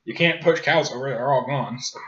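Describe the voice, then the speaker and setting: A young man, hosting a casual podcast and telling rambling, profane stories with deadpan jokes. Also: medium pitch, a little fast. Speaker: podcast host. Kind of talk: casual chat. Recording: dull lo-fi webcam audio.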